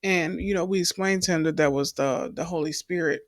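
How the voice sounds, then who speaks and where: A woman's voice: fairly low pitch, fairly quick, no echo, studio quality. A young adult woman, telling her personal faith testimony in an earnest storytelling way and calling the listeners y'all. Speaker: testimony speaker.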